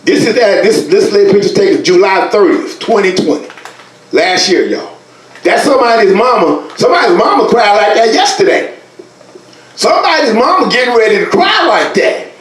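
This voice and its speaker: A man's voice: high voice, expressive, moderate pace, a bit bright, roomy sound, far from the mic, rough recording. A man teaching a Bible lesson from slides in an emphatic, colloquial way, speaking straight to his listeners.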